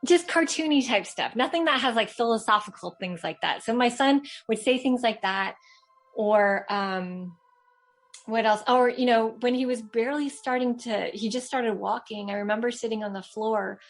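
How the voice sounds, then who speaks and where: A woman's voice: on the high side, moderate pace, soft background music. A woman in her thirties from Los Angeles, calling in to tell a personal story in a casual, rambling way, with many fillers and restarts. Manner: chatty, many fillers and restarts, laughs often. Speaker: caller sharing a story.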